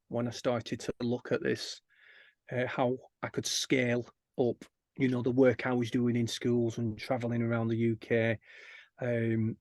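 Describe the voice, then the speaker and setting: A man, an energetic guest in an interview, telling stories and acting out the people he quotes. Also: medium pitch, no echo, studio quality. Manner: energetic storyteller who acts out quoted people. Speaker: guest, kindness campaigner. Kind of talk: animated interview chat.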